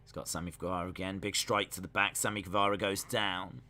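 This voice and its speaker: A young man hosts a live reaction stream, chatting loosely as he watches and reads out viewer comments. His voice is strikingly bright and sharp, and he jokes along with the action. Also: deep voice, little pitch movement, fast talker. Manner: chatty, jokey, talks to chat while watching. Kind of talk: casual live reaction commentary, reading chat.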